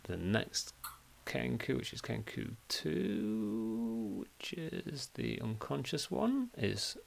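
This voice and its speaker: A man running a tabletop game as game master, talking in a relaxed, chatty way full of fillers. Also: mid-range voice, slow pace, creaky.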